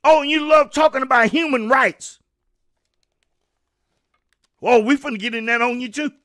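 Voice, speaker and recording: A man hosting his own show, delivering a fired-up political rant that repeats words and bursts into shouting. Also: extremely high pitch, moderate pace. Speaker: show host.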